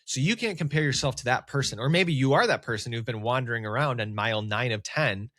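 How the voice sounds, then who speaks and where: A man talking casually as a business coach on a solo podcast, with lively emphasis. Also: medium pitch, quick pace, dry recording, clean studio sound. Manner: casual, conversational, animated emphasis.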